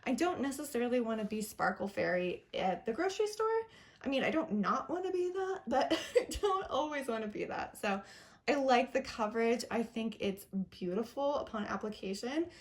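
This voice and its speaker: A woman's voice: fairly high pitch, animated, moderate pace. A young woman chatting casually through a makeup review, upbeat and chatty, with little self-deprecating laughs. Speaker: beauty vlogger.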